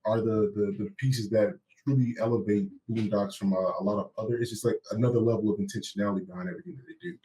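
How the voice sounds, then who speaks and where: A man's voice: fairly low pitch, fast, hardly any pauses, dark tone. A man co-hosting a podcast in a casual discussion, searching for words with many fillers. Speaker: podcast co-host. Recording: voice a bit far from the mic.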